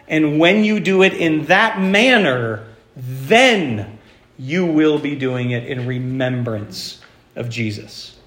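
A man's voice: medium pitch, a bit bright, echoey room. A man preaching a sermon as pastor, talking in a conversational way with fillers and restarts. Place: church.

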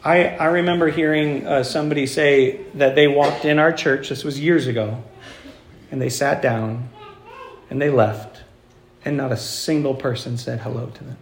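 A man's voice: mid-range voice, fairly even intonation, moderate pace, echoey room, a little hiss or hum. A man preaching a sermon as pastor, talking in a conversational way with fillers and restarts. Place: church.

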